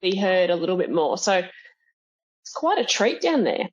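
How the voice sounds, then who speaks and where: A woman's voice: mid-range voice, big pitch swings, moderate pace, slightly rough. A woman with a Queensland Australian accent, a comedian guest chatting in a wry, self-deprecating, joking way over a video call. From Brisbane, Australia. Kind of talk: casual interview chat. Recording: muffled video call audio.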